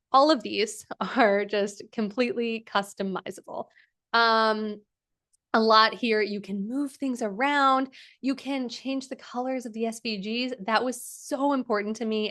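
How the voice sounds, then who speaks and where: A woman's voice: mid-range voice, fairly bright tone. A young woman hosting a live workshop, walking through a design tool in a chatty, enthusiastic way with many fillers. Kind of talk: casual live screen-share demo.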